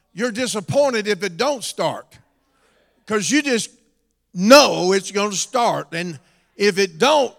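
A high-pitched, gravelly middle-aged man delivers a slow, drawn-out sermon. He moves from hushed storytelling to shouted preaching, and his voice rings with the long reverb of a church hall. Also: animated. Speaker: pastor.

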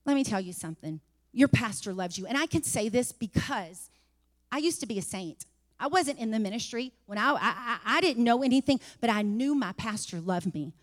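High-voiced woman preaching in an echoing church. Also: lively intonation, a little fast. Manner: testifying, rising to fervent shouting. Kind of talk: sermon. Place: church sanctuary.

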